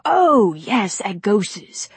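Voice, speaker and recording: Woman voicing a pushy Cockney male director, loud and insistent, breathy edge. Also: medium pitch, big pitch swings, extremely slow, no echo, full character voice. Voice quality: forceful, a little too compelling. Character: brash film director man, pushy and compelling.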